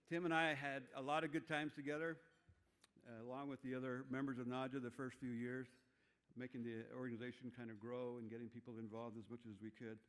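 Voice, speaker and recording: A man's voice: medium pitch, clear, resonant tone. Older man giving a rambling banquet speech. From Navajo Nation, Arizona. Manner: rambling, joking, self-deprecating. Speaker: awards presenter. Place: banquet hall. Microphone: handheld mic.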